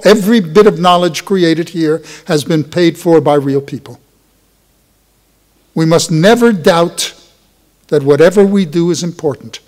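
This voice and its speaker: An older professor speaks with feeling at a conference, his story turning impassioned. His voice sits high for a man. It rings with the long reverb of a big lecture hall. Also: darkish tone.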